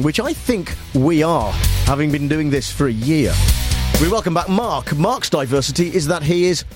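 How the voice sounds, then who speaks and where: A man hosting a comedy radio show in a studio, with dry, ironic delivery and frequent chuckles. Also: fairly high pitch.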